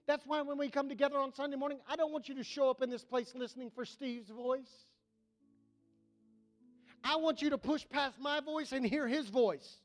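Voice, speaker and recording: A male pastor preaching a sermon, swinging between shouted repetitions and hushed asides. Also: very high voice, moderate pace. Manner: impassioned preaching with rising, shouted repetitions and sudden hushed drops.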